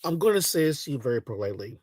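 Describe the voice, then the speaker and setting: A man's voice: medium pitch, big pitch swings, rapid-fire, darkish tone, no room sound, studio quality. A man giving casual reaction commentary in a blunt, mocking, exasperated way.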